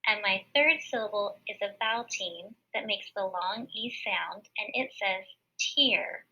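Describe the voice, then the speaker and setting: A woman teacher giving a recorded phonics lesson to young children, explaining each step slowly, clearly and patiently. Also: medium pitch, bright, forceful tone. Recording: dull lo-fi recording.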